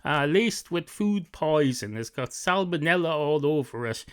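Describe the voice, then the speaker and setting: A man's voice: a little high, lively intonation, measured pace, clean tone. A man voicing an obliging barman, in a rambling, sweary, self-correcting improvised comic monologue. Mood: chatty. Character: obliging male barman, chatty and unflappable.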